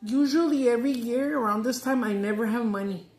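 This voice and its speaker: A mukbang vlogger chats casually while eating, her voice fairly high, fairly quick and darkish in tone. Frustrated, she vents and cusses, switching between Spanish and English. The recording has a roomy echo.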